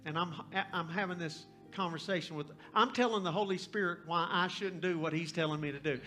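A man in his fifties, a pastor, telling a personal story in a sermon with an animated, folksy, conversational delivery. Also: a little high, a little fast, hardly any pauses, over music. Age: 50s.

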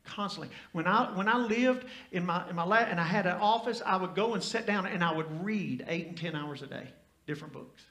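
A pastor from Tennessee, telling stories and building up to loud, fiery preaching in a church. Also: male voice, sits high, fairly quick, few pauses, roomy sound. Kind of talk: sermon.

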